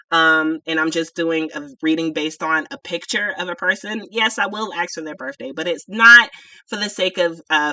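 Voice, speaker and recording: A woman chats through a casual livestream Q&A with a bright, sharp tone, full of fillers, restarts and easy laughter. She sits back from her computer microphone, so she sounds a little distant, but the sound stays dry with no room echo. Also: fairly low pitch. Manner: chatty, laughs often, many fillers and restarts. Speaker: livestream host and spiritual shop owner. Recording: voice a bit far from the mic.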